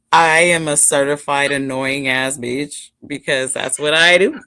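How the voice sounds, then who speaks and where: A woman's voice: low-pitched, steady tone, slow, pushed and bright, clear, resonant tone. A woman from the Bay Area, co-hosting a casual chat, laid-back and slangy, laughing often. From San Francisco Bay Area. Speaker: podcast co-host.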